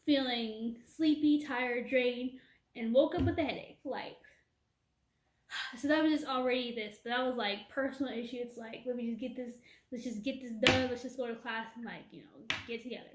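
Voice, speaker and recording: A woman's voice: on the high side, steady tone, normal speed. A woman vlogger telling a rambling, casual storytime rant, full of "like" and "you know". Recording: echoey room, from a distance, faint noise.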